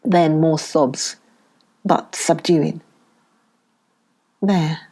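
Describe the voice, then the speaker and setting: A woman from the United Kingdom reading a novel aloud as an audiobook narrator, in a slow, measured way, voicing the dialogue. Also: low voice, warm tone. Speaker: audiobook reader. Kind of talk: scripted narration.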